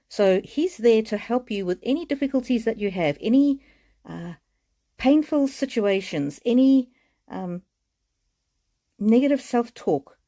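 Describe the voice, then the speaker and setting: A woman's voice: a little high, dark tone. A middle-aged woman giving a live-streamed oracle card reading in a tender, soothing and emotional manner.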